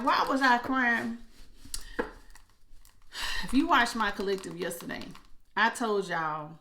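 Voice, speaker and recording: A woman's voice: medium pitch, slight background noise. A woman, a tarot reader talking casually and emotionally to her viewers. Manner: chatty and emotional, animated with laughs.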